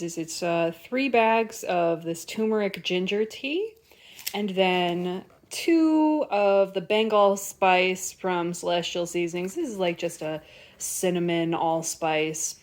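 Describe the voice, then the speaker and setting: A young woman talking candidly to her camera at home in a personal vlog, emotional and halting, at times tearful and out of breath. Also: fairly low pitch. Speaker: vlogger. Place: home, kitchen and living room.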